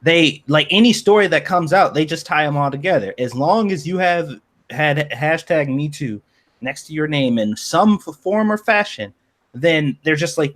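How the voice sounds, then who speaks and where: A man's voice: a little high, lively intonation, moderate pace, fairly bright tone. Blunt, profane man arguing in chat. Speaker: podcast co-host. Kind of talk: casual chat.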